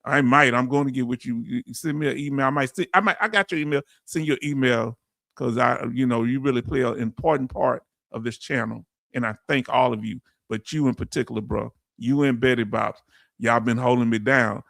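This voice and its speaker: A man from the Southern United States, with a Southern accent and a gravelly mid-range voice, talks fairly quickly on a dry, studio-quality recording. As a YouTube channel host on a live stream, he casually reads out viewers' comments and gives shout-outs, warm and chatty, full of fillers and restarts.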